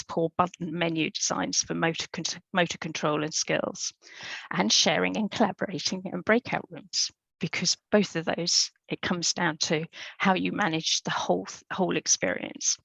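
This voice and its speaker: A woman's voice: fairly low pitch, steady tone, moderate pace, gravelly, a bit bright, no echo, poor audio. A woman giving an informal, chatty presentation in an online webinar over a video call microphone. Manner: informal, chatty, with fillers and restarts.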